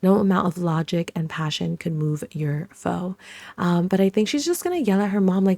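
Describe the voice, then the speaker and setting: Woman gaming creator with a low, gravelly, dark voice, chatting her way through a life-sim playthrough. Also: moderate pace, no room sound. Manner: chatty, with lots of fillers. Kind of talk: casual life-sim let's-play commentary.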